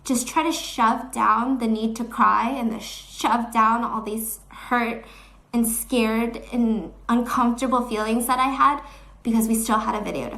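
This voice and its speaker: A woman's voice: a little high, a bit bright. A woman telling a personal story in an earnest, shaken, self-questioning way. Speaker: storyteller vlogger.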